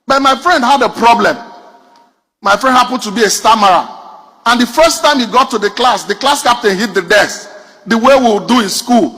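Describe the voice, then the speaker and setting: A man's voice: very high voice, brisk, sharp tone, breathy edge. A Nigerian man performing a stand-up comedy routine. He tells punchy stories straight to the audience. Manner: addresses the audience directly, punchy storytelling.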